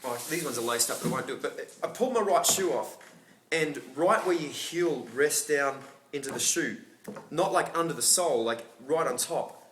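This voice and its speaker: A man's voice: mid-range voice, moderate pace. A man with an Australian accent telling a funny personal story to friends, laughing often and acting out both sides of the conversation. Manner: animated, laughing, acts out both sides of the dialogue. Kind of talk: casual anecdote among friends. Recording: echoey room with background noise.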